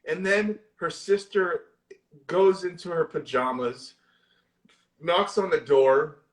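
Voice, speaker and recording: A man co-hosting a casual horror movie chat, retelling scenes excitedly and swearing constantly. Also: fairly high pitch, slow. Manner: excitable, profane, storytelling with lots of swearing. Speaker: horror movie discussion co-host. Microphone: live social video stream.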